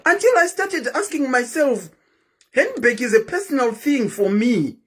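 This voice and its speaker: A woman's voice: high-pitched, expressive, unhurried, husky. A woman hosting a live stream, chatting casually and keeps asking her viewers questions.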